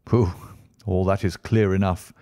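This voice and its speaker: A man doing Sherlock Holmes, crisp and impatient. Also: deep voice, steady tone, unhurried, mellow, no room sound, clean studio sound. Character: Sherlock Holmes, brisk, impatient male detective.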